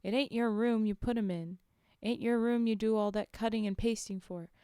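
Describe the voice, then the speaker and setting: A woman reading the lines of a gruff, bitter old father who scolds his daughter. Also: on the high side, steady tone, moderate pace, warm tone, dry recording, clean studio sound, natural voice. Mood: grumbling. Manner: grumbling, scolding.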